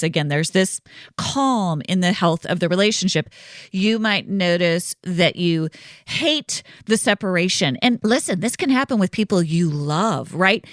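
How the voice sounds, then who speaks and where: A woman's voice: lowish voice, no room sound, clean studio sound. A woman hosting a podcast, explaining ideas in a casual, reassuring way and often checking in with "right?". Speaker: podcast host and counselor. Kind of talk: casual solo podcast teaching.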